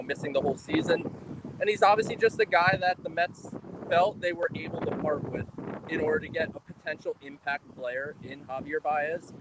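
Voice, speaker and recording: A man with a somewhat high voice chats loosely about baseball, thinking aloud as he goes. He is outdoors in a parking lot, with faint wind and traffic behind him. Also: fairly bright tone, low-quality recording. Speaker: podcast co-host. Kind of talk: casual sports talk.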